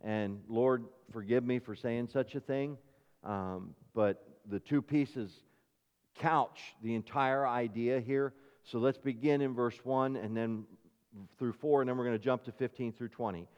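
A man preaching a sermon as pastor, swinging between emphatic, rising passages and quieter asides. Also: mid-range voice, fairly even intonation, measured pace, clear, resonant tone, long reverb tail, highs cut off.

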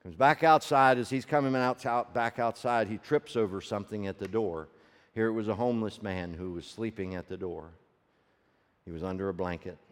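A man preaching a sermon as a story, swinging from loud peaks to hushed low tones and asking the audience rhetorical questions. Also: steady tone, normal speed. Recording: long reverb of a large hall.

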